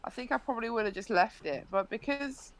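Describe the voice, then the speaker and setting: A woman's voice: on the high side, expressive, fairly quick, no room sound, rough recording. A young woman, a live-stream interview guest, animatedly recounting an incident with frequent restarts.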